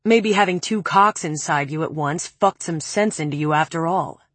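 A woman voicing a cold, cruel young man who speaks calmly and cuttingly in a low, flat tone. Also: moderate pace, dry recording. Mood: cold, menacing.

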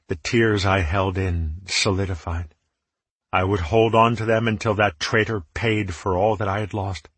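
A man narrates a first-person fantasy audiobook with steady, dramatic storytelling. His voice is low and husky. The recording is dry, with no room sound. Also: no room sound.

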